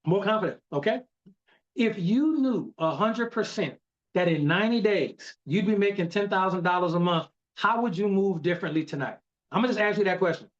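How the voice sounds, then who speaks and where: A man with a fairly high voice coaches his team on a video call, hammering his points home and repeating the key lines. His delivery is emphatic and preachy. The audio is dull and lo-fi. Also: lively intonation, brisk. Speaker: network marketing team leader. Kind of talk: motivational training talk.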